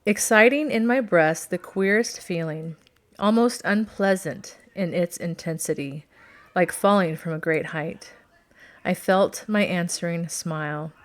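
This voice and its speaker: A woman reading a novel aloud as scripted narration, in a measured, steady storytelling manner. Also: lowish voice. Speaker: audiobook reader.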